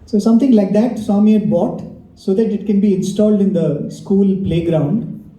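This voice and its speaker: A man's voice: high voice, moderate pace, mellow. A young adult man telling amused anecdotes at a devotional gathering, with a distant mic in a hall. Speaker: devotional speaker. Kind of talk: storytelling talk at a devotional gathering.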